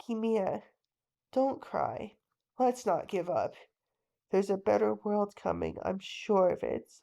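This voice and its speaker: A woman's voice: medium pitch, lively intonation, slow, creaky, dark tone, pitched below the performer's own voice. A woman voicing a hot-tempered, starving father with a bitter, defiant manner, in a bedtime-story audiobook reading. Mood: comforting.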